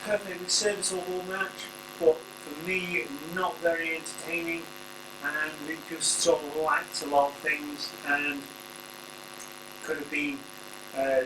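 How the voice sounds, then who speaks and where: A man hosting a casual, rambling spoken review full of jokey asides. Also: a little high. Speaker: wrestling reviewer, channel host. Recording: echoey room, distant mic, faint hum.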